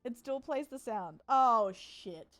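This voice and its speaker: A woman's voice: on the high side, lively intonation, takes it slowly, fairly bright tone. A woman chatting casually and playfully with her viewers while gaming, tired and swearing now and then. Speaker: streamer. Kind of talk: casual gaming stream chat.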